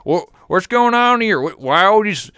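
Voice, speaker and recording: A man voicing a brash, antagonizing male American hillbilly, with a put-on hillbilly accent and a loud, drawling, taunting manner. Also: high-pitched, lively intonation, moderate pace, smooth, no room sound, studio quality, voice pushed up.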